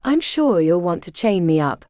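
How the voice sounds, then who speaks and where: A woman's voice: lowish voice, sing-song, moderate pace, a little mellow, no room sound, studio quality. A woman doing a defiant young noblewoman. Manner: defiant, pleading.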